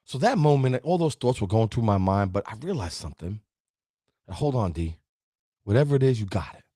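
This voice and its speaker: A man's voice: fairly low pitch, animated, fairly quick, dark tone, no echo, studio quality. A middle-aged man hosting a live motivational stream, talking straight to his viewers and the chat. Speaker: host of a live positivity show.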